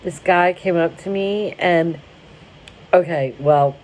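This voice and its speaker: A woman's voice: on the low side, slow, darkish tone. A young woman from Florida telling a rambling, wry story to camera, interrupting herself as she goes. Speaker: vlogger. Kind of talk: casual storytelling. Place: car.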